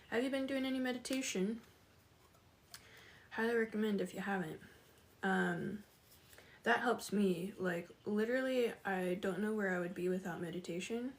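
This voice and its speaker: A woman chatting casually with viewers on a livestream, laughing often and greeting them by name. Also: medium pitch.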